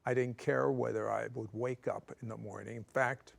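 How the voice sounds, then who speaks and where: A man telling his life story in a studio interview, animated and teasing, with jokes slipped between serious moments. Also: medium pitch, moderate pace, vocal fry. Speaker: guest telling his testimony. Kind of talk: conversational testimony. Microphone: clip-on microphone.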